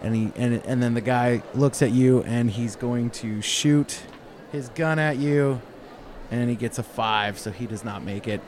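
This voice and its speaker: A man's voice: medium pitch, unhurried, a little mellow, a little hiss or hum. A man running a tabletop game talks in a mid-range voice. He narrates loosely, cracking jokes and stalling with fillers as he works out what happens next. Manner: casual, joking, hesitant with fillers. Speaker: game master.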